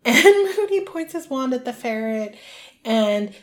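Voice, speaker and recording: A woman with a fairly high voice co-hosts a casual podcast chat. She retells a book chapter and slips into quick character voices for the lines she quotes. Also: lively intonation, a little mellow. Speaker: podcast co-host.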